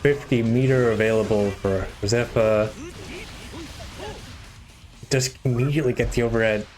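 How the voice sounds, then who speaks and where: A man's voice: mid-range voice, normal speed, faint music behind. Man calling a fighting game. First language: German. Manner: chatty, restarts sentences, excitable on big plays. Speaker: tournament commentator and organizer. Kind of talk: live esports commentary, casual chat.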